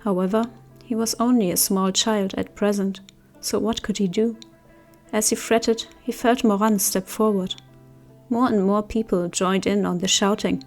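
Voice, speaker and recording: A woman reading an audiobook, narrating in a steady, measured way. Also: medium pitch, soft background music. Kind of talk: scripted narration.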